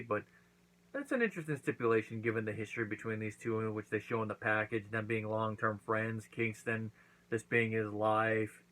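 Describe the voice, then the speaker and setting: A man's voice: on the low side, fairly bright tone, poor audio. A man hosting his own channel, casually recapping and reviewing a wrestling event, acting out quotes as he goes. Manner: chatty recap with acted-out quotes.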